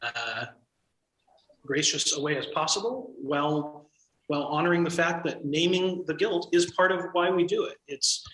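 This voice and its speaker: A man leading a church training session, explaining procedure in a measured, thoughtful way with frequent pauses. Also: a little high, a bit bright, echoey room, low-quality recording.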